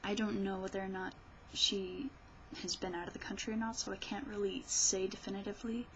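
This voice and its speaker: A woman's voice: mid-range voice, level tone, a little fast, lo-fi sound, a little hiss or hum. A woman vlogger ranting about politics in a rambling, sarcastic way, often restarting her sentences. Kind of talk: casual political rant.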